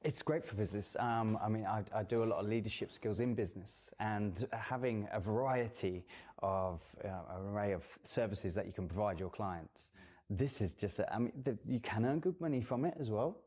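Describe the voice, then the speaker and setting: A man's voice: lowish voice, moderate pace, a little mellow. A man who works as a hairdresser, giving a guest interview in a casual chat and explaining earnestly at length with fillers. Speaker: guest hairdresser and salon owner.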